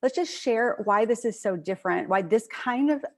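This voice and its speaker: A woman's voice: on the high side, animated, moderate pace. A woman hosting an interview, talking in an upbeat, motivational coaching way. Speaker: host. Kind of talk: casual video interview chat.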